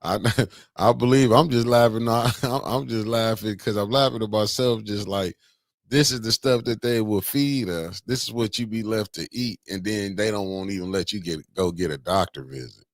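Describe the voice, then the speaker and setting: Laid-back low-voiced man. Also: normal speed, no echo, studio quality. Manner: laid-back, colloquial, laughs often. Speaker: co-host. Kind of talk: casual live-stream chat.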